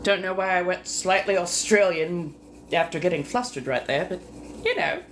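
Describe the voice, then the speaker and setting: Casting: unhurried woman host, lowish voice that swoops a lot, teasing innuendo, audible room noise behind her. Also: expressive. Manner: flirty, teasing innuendo, muttering asides. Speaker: livestream host. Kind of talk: casual live-stream chat with viewers. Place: home.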